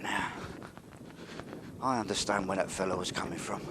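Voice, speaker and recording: A man's voice: low voice, steady tone, normal speed. A man vlogging on a walk by a railway yard, chatty and wry, sometimes dropping to a mutter. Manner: chatty, wry, drops to a mutter when sneaking. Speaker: vlogger walking and filming. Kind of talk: casual walking commentary. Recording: noisy outdoor recording.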